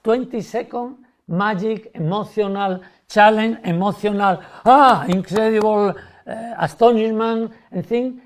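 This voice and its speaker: Animated man explaining a magic trick. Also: high-pitched, measured pace, hardly any pauses, slight background noise. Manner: animated, broken English, acts out spectators' reactions.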